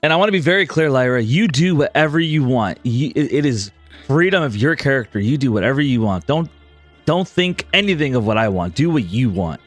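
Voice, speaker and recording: A man's voice: medium pitch, animated, brisk, soft background music. A man narrating as game master of a tabletop game, dramatic with apologetic asides.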